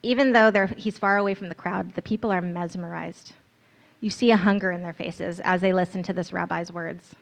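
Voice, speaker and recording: A woman's voice: lowish voice, steady tone, brisk, gravelly. A woman narrating a guided scripture meditation in the second person, in an earnest, storytelling manner.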